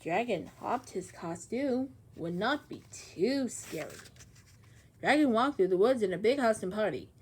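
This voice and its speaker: A woman's voice: mid-range voice, animated, measured pace, darkish tone, husky. A woman reading a children's storybook aloud expressively, acting out the sound effects.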